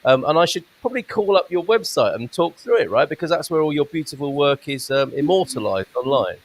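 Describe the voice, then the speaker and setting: A man's voice: on the high side, very animated, a little fast. A man hosting a casual live-stream show from Portugal over a video call, chatting and reading out viewers' comments. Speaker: host. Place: home in Portugal.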